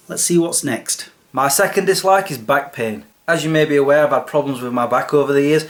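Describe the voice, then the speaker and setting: A man hosting his own comedy vlog, talking in a sarcastic, chatty way. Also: on the high side. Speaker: vlogger host.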